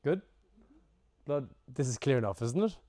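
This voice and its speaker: A man teaching a breathwork workshop to a group, casual and lively, swearing now and then and acting out examples. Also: medium pitch, normal speed. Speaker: breathwork instructor.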